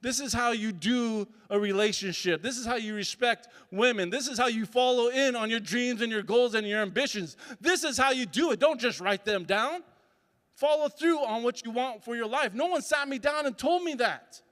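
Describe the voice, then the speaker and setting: A man's voice: very high voice, moderate pace, fairly bright tone. A man giving a motivational talk as a summit speaker. He tells stories and acts out voices and sounds. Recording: reverberant hall.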